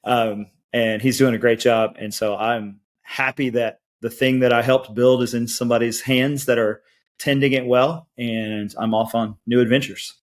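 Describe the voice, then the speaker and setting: Guy from georgia telling stories on a podcast, does little voices for people, mid-pitched. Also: normal speed. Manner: lively anecdotes with acted quotes. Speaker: podcast guest, band educator. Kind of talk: storytelling interview chat.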